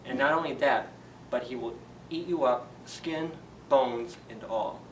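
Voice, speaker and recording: A man's voice: medium pitch, measured pace, slight background noise, close to an everyday voice. A man voicing a caring, protective mother goose who earnestly warns her goslings in a storybook tale. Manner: earnest, warning tone. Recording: roomy echo, distant from the mic.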